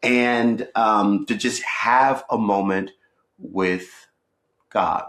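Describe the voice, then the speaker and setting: A man hosting a podcast who talks through faith in a casual, playful way, moving between jokes and gentle encouragement. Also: lowish voice, roomy sound. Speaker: podcast host. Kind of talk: casual devotional talk.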